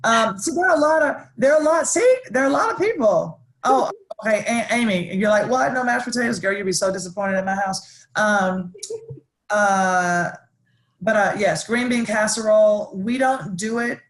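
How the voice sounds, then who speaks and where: Lady chef, gushy and chatty, trips over her words a lot, goes all excited. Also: mid-range voice, moderate pace. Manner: animated, gushing, chatty with many restarts. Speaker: celebrity chef guest. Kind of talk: casual live-stream chat.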